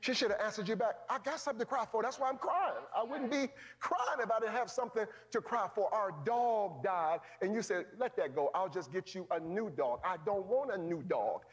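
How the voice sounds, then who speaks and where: Pastor guy preaching hard, high voice, folksy, goes from shouting to real quiet. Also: expressive, fairly quick, few pauses. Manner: impassioned preaching, swings from shouting to hushed low tones; calls out to the congregation, folksy phrasing. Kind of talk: sermon.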